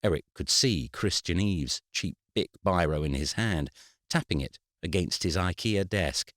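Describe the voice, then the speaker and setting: A man narrating an audiobook in a wry, expressive storytelling manner, close to the mic. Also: low voice, a little slow, no echo. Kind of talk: scripted narration.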